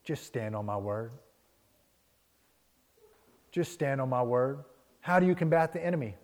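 A man preaching a sermon as a pastor, telling a story in a lively, conversational way and checking in with the congregation. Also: mid-range voice, a little slow. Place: church sanctuary. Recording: long hall reverb.

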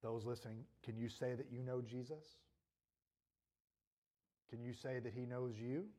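A man's voice: medium pitch, steady tone, unhurried, dark tone. A male pastor preaching a sermon earnestly, his voice rising and falling in intensity, with a troubled throat.

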